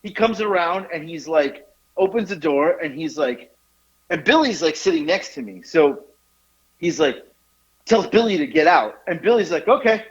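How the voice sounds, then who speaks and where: A man co-hosting a podcast, telling a profane story in a casual, animated way and jumping into high voices for the people he quotes. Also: normal speed. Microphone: phone call. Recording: dull lo-fi phone line.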